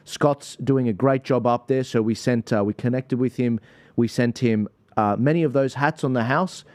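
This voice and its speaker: A man's voice: mid-range voice, moderate pace, darkish tone, no echo. An Australian man hosting a livestream, chatting casually in an upbeat, promotional way. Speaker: livestream host.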